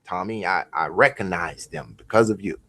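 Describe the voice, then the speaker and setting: A man voicing a fawning, starstruck male fan, drawn out slowly in mock adoration. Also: sits low, lively intonation, gravelly, a bit bright, voice pushed down, heavily acted. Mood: gushing. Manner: slow, mocking adoration.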